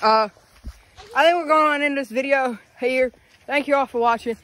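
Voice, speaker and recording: A woman's voice: high-pitched, normal speed, fairly bright tone. A young woman from North Carolina, chatting casually and teasing her friend in a vlog. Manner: teasing, goofy. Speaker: vlogger. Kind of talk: casual chat.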